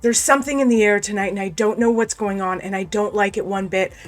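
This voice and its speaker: A woman's voice: mid-range voice, steady tone, fast talker, soft background music, close to an everyday voice. A woman voicing an exasperated, blunt male town sheriff in a tabletop role-play game. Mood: uneasy. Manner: blunt, exasperated, talks straight.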